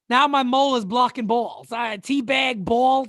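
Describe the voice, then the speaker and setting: A man's voice: very high voice, measured pace, few pauses, fairly bright tone, no room sound, studio quality. A man hosting a casual sports live-stream chat, joking, laughing often and stammering through repeated words. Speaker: sports channel host.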